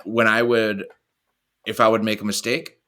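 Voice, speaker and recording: A middle-aged man from the United States tells stories as an interview guest, with a lower voice and a bright, forceful edge. He is animated, says "like" often, restarts his sentences, and slips into acting out his own thoughts. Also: moderate pace. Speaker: guest, retired soccer player. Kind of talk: storytelling in a casual interview.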